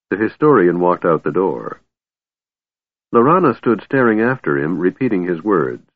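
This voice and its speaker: A man narrating a fantasy audiobook in a measured, expressive way. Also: on the low side, no echo. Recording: dry, phone-like narrow band.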